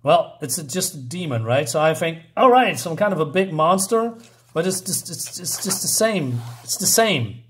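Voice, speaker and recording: A man with a somewhat high voice reads a comic aloud for his channel. He rambles and hesitates with lots of fillers. He sounds baffled and incredulous at what the story does. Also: sing-song, normal speed, fairly bright tone. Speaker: channel host. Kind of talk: casual reading and reaction commentary.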